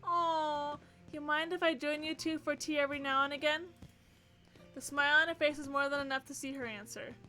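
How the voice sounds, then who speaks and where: A woman streamer with a high, bright voice reads a game's narration aloud. She keeps breaking into excitable, gushing reactions. Quiet game music runs in the background. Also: brisk. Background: faint game music.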